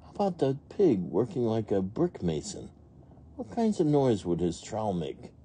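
A man's voice: fairly low pitch, huge pitch swings, normal speed, mellow, slight background noise. A man reading a picture book aloud to young children, playfully imitating animal and machine sounds and asking the listeners questions. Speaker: read-along narrator.

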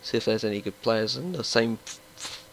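A young man giving casual, excitable commentary while playing a football video game and talking to his players. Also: lowish voice, brisk, vocal fry, slight background noise, low-quality recording. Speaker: gaming YouTuber. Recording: faint background music.

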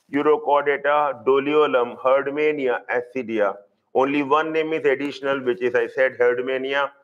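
A middle-aged man gives a live online zoology lecture at a very slow, deliberate pace. He says each key term two or three times and keeps checking that his students are following. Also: medium pitch, fairly bright tone, muffled recording. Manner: slow, repeats key terms, asks students if they follow. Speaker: zoology teacher.

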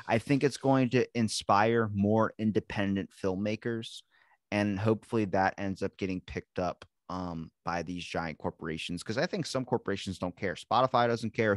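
A man's voice: on the low side, no room sound, clean studio sound. A man co-hosting a podcast, talking in a rambling, profane way and acting out voices in his stories. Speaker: podcast co-host. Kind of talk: casual chat.

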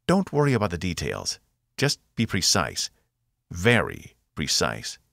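A man voicing a quick-thinking male crew officer in an audiobook, urgent and low-key. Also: wildly swooping pitch, creaky, no echo, studio quality, heavily acted. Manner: hushed, urgent.

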